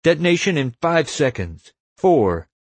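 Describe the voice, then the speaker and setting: A man voicing a smug, squawking teenage boy at a spy school, shrill and gloating. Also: huge pitch swings, moderate pace, no room sound, exaggerated voice. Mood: frantic.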